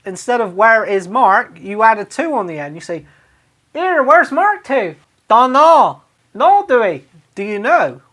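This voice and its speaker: A man with a Cornish accent, a radio DJ, doing a comic monologue where he reads out sayings and throws in loud, exaggerated dialect phrases. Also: high-pitched, lively intonation, normal speed, few pauses.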